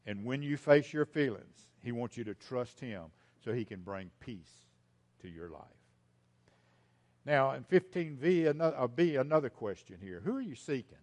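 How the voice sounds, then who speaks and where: Emphatic preacher man, mid-pitched. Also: expressive, normal speed. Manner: emphatic, repeats key lines, swings from loud to hushed; speaks directly to the congregation as folks. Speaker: pastor. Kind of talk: sermon.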